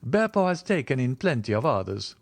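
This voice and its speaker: A man's voice: mid-range voice, very animated, fairly quick, creaky, no echo. A man doing an eager, grateful young servant. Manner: eager, deferential storytelling.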